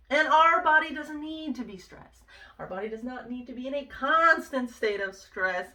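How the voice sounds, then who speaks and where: A woman speaks in an earnest, conversational way, sharing personal advice and checking in with asides. Her voice is bright and forceful, and it sits a little back from the mic. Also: high-pitched, animated, moderate pace, far from the mic. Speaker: vlogger sharing self-help advice. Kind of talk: casual personal advice talk.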